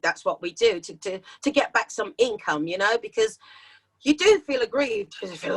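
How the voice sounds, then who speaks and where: This middle-aged London singer, speaking with a London English accent, is an animated interview guest in casual conversation. Her medium-pitched voice moves at normal speed over a low-quality recording, and she acts out the voices of people in her stories.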